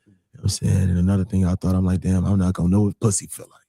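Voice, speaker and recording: Man, gravelly, husky, mellow tone, dry close sound, casual storytelling, acts out quotes. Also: deep voice, very fast, no echo. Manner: animated, acts out quoted voices, repeats phrases. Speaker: guest telling a personal story.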